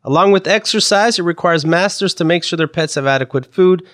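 A man's voice: high-pitched, brisk, fairly bright tone. A middle-aged man hosting a casual comedy podcast, reading strange news stories in a dry, wry way. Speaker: podcast host.

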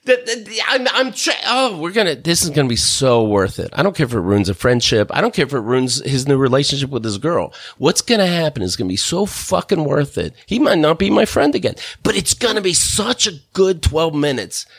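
Animated, bright-voiced ranting man. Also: on the high side, brisk, few pauses, slightly rough, no room sound, studio quality. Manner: animated, profane, laughing between rants. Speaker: podcast host. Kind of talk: casual ranting storytelling.

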